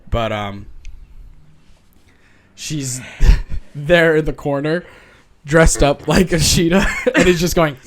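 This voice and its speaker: A man's voice: on the high side, a little hiss or hum. A man co-hosting a casual podcast, telling stories with frequent laughter and casual swearing. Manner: laughs often, swears freely, animated storytelling. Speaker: podcast co-host. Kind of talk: casual chat.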